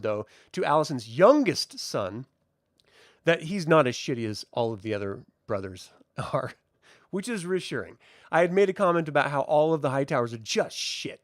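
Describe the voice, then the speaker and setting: Casual male reviewer, animated and slightly high voice, dry close sound. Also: no echo. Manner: chatty, profane, loses track of names. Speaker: TV review host.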